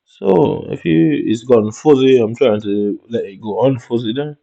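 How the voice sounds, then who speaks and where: Casually commenting on his screen, a Jamaican vlogger mutters to himself in a Jamaican accent, full of swearing and slang. His mid-range voice is creaky and warm at a measured pace, and the recording sounds dull and lo-fi.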